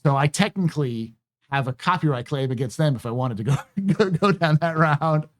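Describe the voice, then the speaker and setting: A man's voice: a little high, expressive, brisk. A man hosting a podcast, chatting casually and repeating words as he thinks. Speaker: podcast host. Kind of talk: casual chat.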